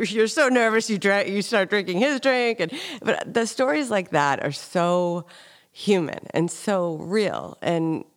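A woman hosting an interview in a chatty, encouraging, conversational way. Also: mid-range voice. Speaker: host.

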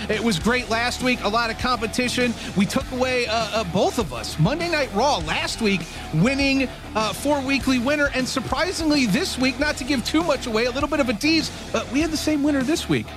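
A man co-hosting a sports radio show, chatting casually, animated and laughing often. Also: very high voice, brisk, few pauses, music in the background.

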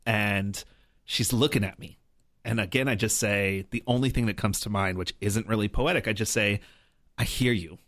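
Earnest low-voiced man telling a story. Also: moderate pace, a bit bright, no echo, studio quality. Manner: earnest, reflective, often says "like" and "right?". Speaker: guest. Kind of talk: conversational storytelling.

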